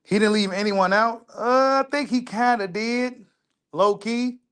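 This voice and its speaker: A man with a high, excitable voice reacts to a video at a measured pace, with a clean tone. In loose, casual commentary he repeats lines for emphasis and curses freely, his talk emphatic and profane in a street style.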